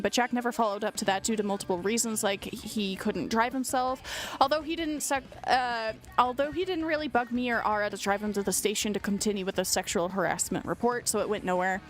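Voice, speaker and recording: A woman's voice: on the high side, fairly quick. A congested young woman streamer who reads a document aloud in casual commentary, blunt, profane and sarcastic.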